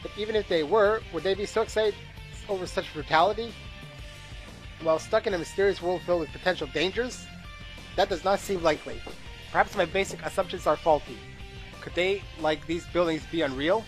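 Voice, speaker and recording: Faint music plays behind a high-pitched man speaking a little fast as he reads a game's narration during a playthrough. Tired and bored, he makes small slips and adds asides.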